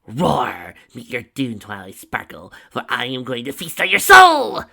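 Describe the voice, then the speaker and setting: Brief: blunt impatient young pony mare, pitched up and bright , as a male reader puts her on. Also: sing-song, a little slow, heavily acted. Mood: mock menace.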